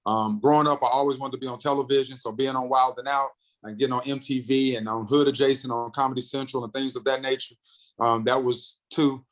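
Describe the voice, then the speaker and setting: A comedian from North Carolina, a man in his thirties, telling a story in a casual interview with lively, animated delivery that acts out the other people's lines. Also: mid-range voice, rough recording. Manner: animated storyteller, acts out quotes, fast bursts. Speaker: comedian and radio host, podcast guest.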